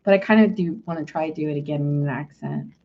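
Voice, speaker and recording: A woman's voice: sits low, fast, muffled recording. A woman giving a casual, chatty tarot reading, talking loosely and laughing often. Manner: chatty, giggly, animated. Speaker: tarot reader.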